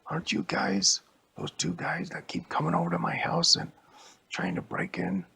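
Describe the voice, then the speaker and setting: A man voicing a suspicious grown-up neighbor in a softly whispered bedtime-style story. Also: a little high, sing-song, normal speed, creaky, slightly rough, pitched above the performer's own voice, heavily acted.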